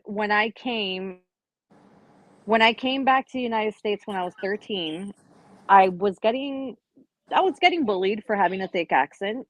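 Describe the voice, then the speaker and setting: A woman's voice: mid-range voice, dry recording, low-quality recording. Blunt woman from Brazil and Uruguay, dry. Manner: blunt, emphatic. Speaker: panelist. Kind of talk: casual panel chat.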